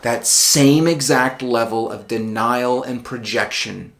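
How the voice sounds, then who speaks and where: A man's voice: mid-range voice, slow pace, gravelly, fairly bright tone. A middle-aged man telling a personal story in a wry, conversational monologue with self-deprecating asides. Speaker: video essayist.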